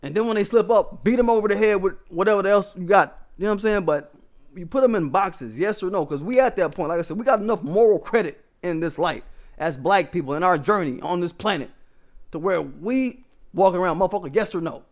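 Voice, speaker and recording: A man with a high voice for a man tells a story straight to his viewers. He talks in an emphatic, profane way and keeps asking whether they follow him. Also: a little fast. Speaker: vlogger. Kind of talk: casual storytelling monologue to viewers.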